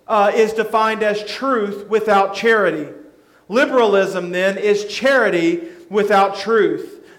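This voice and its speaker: A man preaching a sermon as pastor, earnest, slowing down to stress scripture. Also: high voice, fairly bright tone, roomy sound.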